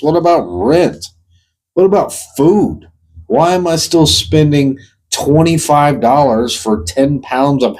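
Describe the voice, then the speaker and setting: A man's voice: medium pitch, darkish tone, rough recording. A man hosting his own show, venting in a blunt, profane monologue and firing pointed questions straight at the person he is addressing. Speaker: host. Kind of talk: ranting monologue.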